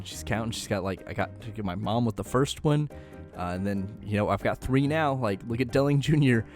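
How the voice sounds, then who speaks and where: A man casually recapping an anime episode in a joking, rambling way, often laughing. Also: mid-range voice.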